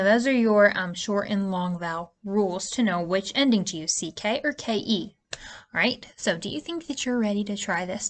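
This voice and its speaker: A woman teacher giving a spelling lesson to young children, patient and stretching out the vowel sounds. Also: medium pitch. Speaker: early-years teacher.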